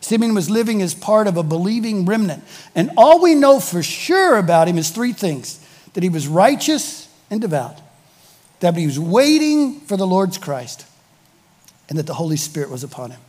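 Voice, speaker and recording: Male pastor, high voice, emphatic sermon delivery, long church reverb. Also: sing-song, moderate pace, a little mellow. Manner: emphatic, repeats key phrases for weight.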